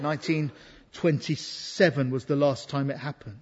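A man's voice: fairly high pitch, a little fast, darkish tone. A man preaching an earnest, emphatic sermon to a congregation. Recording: dull sound in a reverberant hall.

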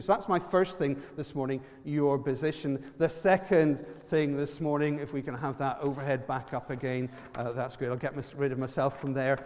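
A man with an Irish accent preaching a lively sermon, quizzing the congregation and using props. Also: on the high side, in a large hall.

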